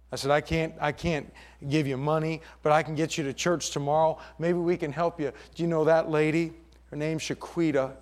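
A middle-aged man preaching a sermon as pastor, swinging between loud emphatic passages and hushed storytelling. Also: a little high.

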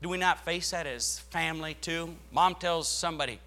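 A male pastor preaching a sermon, reading scripture aloud and swelling dramatically in loudness as he drives his points home. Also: on the high side, normal speed.

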